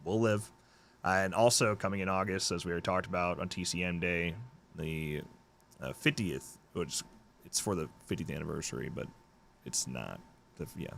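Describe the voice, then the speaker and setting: A man's voice: sits low, normal speed, vocal fry, fairly bright tone, slight background noise. A man co-hosting a live horror news stream, chatting casually, jokey and swearing freely. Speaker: horror news podcast co-host.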